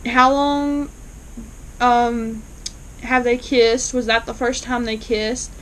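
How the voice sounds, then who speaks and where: A woman's voice: fairly high pitch, little pitch movement, slow, rough recording. A woman casually recapping a TV episode for her channel, retelling the plot in a chatty way with lots of fillers. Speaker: TV episode reviewer.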